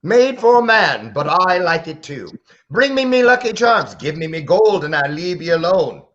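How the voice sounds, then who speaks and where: A man voicing a cartoonish Irish leprechaun who hoards gold, in a put-on Irish accent with a slow, singsong delivery. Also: high voice, big pitch swings, a bit bright, dull audio, pitched above the performer's own voice. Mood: playful.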